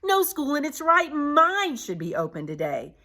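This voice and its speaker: Woman reader putting on a grouchy bus driver guy, whiny, lively pitch. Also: normal speed, full character voice. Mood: gleeful. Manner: whiny and grumbling.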